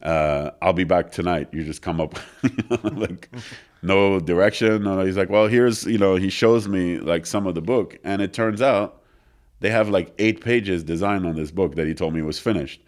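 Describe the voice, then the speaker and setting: A man's voice: low-pitched, normal speed. A man interview guest casually telling a long anecdote in a studio, acting out the other people in it and using many fillers. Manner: animated anecdote with quoted voices, filler-heavy. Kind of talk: casual storytelling. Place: recording studio.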